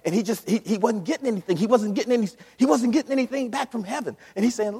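A pastor preaching a sermon in a church, animated with call-and-response. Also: male voice, sits high, fast talker, vocal fry, hardly any pauses, husky. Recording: long hall reverb.

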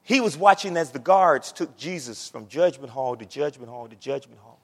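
A man's voice: medium pitch, expressive, moderate pace, big-room sound. A man preaching a sermon in a conversational way, calling out to the congregation. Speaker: pastor.

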